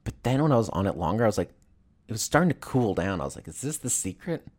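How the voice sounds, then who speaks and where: Rambling, profane man with lowish voice. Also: very fast. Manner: rambling, profane, animated storytelling. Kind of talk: casual comedic rant.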